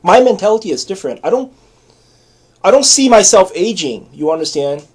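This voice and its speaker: A man's voice: sits high, very animated, brisk, a little mellow, slightly rough. A man in his forties, a channel host talking in a rambling, repetitive and blunt casual monologue to camera. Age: 40s.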